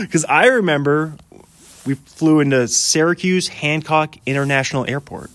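A man's voice: fairly high pitch, normal speed, fairly bright tone, dry recording. A man in his thirties hosting a casual solo podcast outdoors in the snow, rambling and chatty, often laughing and saying "dude". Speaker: podcast host.

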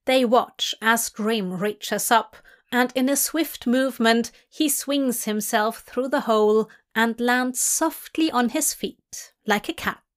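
A woman narrates a story in a slow, unhurried, even manner. Her voice sits on the higher side, and she takes her time with each phrase. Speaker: fanfiction reader.

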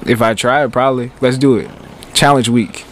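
A man's voice: medium pitch, fairly even intonation, moderate pace, fairly bright tone, slight background noise. A man co-hosting a casual podcast, trading profane jokes and laughing often. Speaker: podcast co-host. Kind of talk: casual chat.

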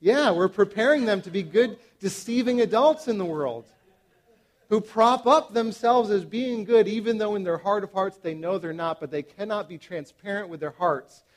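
High-voiced man preaching animatedly. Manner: animated, emphatic, with frequent fillers and restarts. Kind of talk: sermon to parents.

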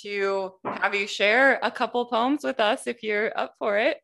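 A woman's voice: medium pitch, a little slow, gravelly, a bit bright. A woman hosting a casual interview over a video call, gushing with praise for her guest. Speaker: podcast host.

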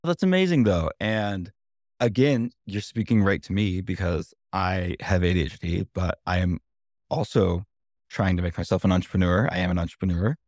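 A man hosting an interview, asking quick, encouraging questions. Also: deep voice, darkish tone, no room sound, studio quality. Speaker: podcast host.

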